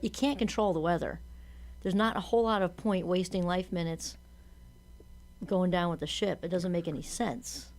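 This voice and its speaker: A woman's voice: fairly low pitch, steady tone, normal speed, darkish tone. A woman hosting a podcast, chatting casually and animatedly, often acting out quotes. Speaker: podcast host. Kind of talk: casual conversation.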